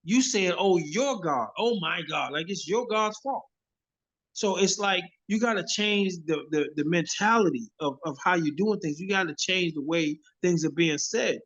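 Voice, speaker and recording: A hip hop artist speaking as an interview guest over a phone video call, preachy and emphatic, often repeating himself. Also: male voice, high voice, normal speed, a bit bright. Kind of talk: casual interview. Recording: dull lo-fi phone audio.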